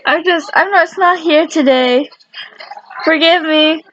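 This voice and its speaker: A woman with a high voice runs through a casual fan countdown, rambling eagerly and often stopping to correct herself. The recording is dull and lo-fi, with a faint hiss of noise underneath. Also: measured pace. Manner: rambling and enthusiastic, with many self-corrections. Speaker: fan video creator.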